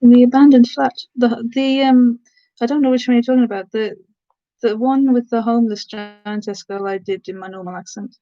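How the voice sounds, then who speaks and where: A woman's voice: a little high, fairly even intonation, a little fast, dark tone, lo-fi sound. A woman from the Black Country, England, chatting casually on a live stream, answering viewers' comments and slipping into giantess role-play. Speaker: ASMR streamer.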